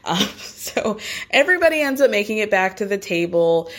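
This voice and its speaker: A woman's voice: mid-range voice, moderate pace. Gossipy woman recapping reality TV. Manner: gossipy, animated, laughs often, swears casually. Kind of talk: casual chatty recap.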